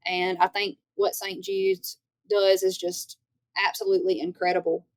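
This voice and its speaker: Young Louisiana woman with a Southern drawl, a chatty guest voice, mid pitch. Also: moderate pace, no room sound. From Northeast Louisiana. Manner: lively, chatty storyteller. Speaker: guest, country singer. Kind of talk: casual interview chat.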